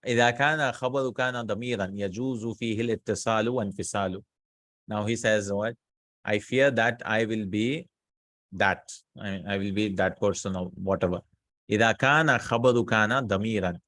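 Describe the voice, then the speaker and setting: A man's voice: fairly low pitch, a bit bright, dry recording. Man teaching grammar, dry close sound. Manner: explains slowly in mixed Arabic and English, asks students checking questions. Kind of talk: casual classroom grammar lesson.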